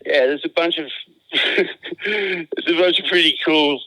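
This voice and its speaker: A man's voice: on the high side, a little slow, pushed and bright, no room sound. An Australian man calling in as a guest, chatting casually and rambling with restarts and slang over a phone line. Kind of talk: casual chat.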